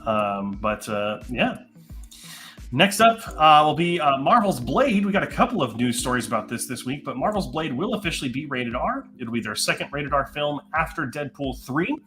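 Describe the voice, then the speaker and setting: A man's voice: on the high side, sing-song, pushed and bright, soft background music. A man co-hosting a livestream, chatting casually about upcoming movies and reading out news items. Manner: upbeat, quick, reads headlines. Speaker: co-host.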